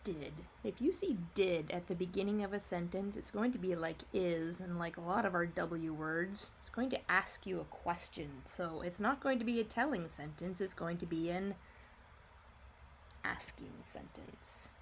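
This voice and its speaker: A woman teaching a first grade phonics lesson, patiently explaining and slowly sounding out each word for young children. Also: fairly low pitch, slight background noise. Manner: slow, drawn-out sounding out of words.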